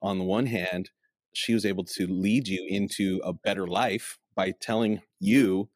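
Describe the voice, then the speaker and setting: A man with a lowish voice hosts an interview, recorded dry and close. He speaks in a measured, reflective way and sums up his guest's story for the listeners. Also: steady tone, no echo. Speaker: podcast host, pastor.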